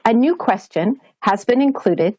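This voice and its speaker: A woman with a Canadian accent reading a prepared statement as a government official at a press briefing, in a formal, measured way. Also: a little high, expressive, a little mellow, slightly rough, no echo, rough recording. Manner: formal, measured delivery, switching between English and French.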